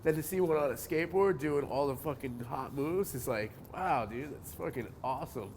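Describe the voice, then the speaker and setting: A man, telling skateboarding stories in a relaxed interview, cursing freely and getting animated as he goes. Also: fairly high pitch, normal speed, slight background noise. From New Jersey. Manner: laid-back, swears a lot, animated when telling stories. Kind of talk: casual interview.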